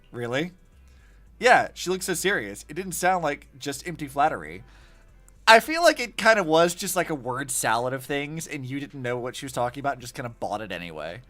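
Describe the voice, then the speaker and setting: A young man commenting casually on a game he is playing, chatty and animated with lots of fillers. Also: mid-range voice, moderate pace, soft background music. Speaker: streamer.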